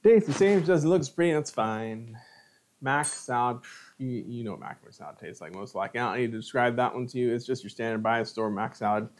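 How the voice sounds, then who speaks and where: Brief: middle-aged male cooking host, chatty, mid-pitched, tastes and comments on food on a live stream. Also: a little fast. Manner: chatty, savoring food between remarks.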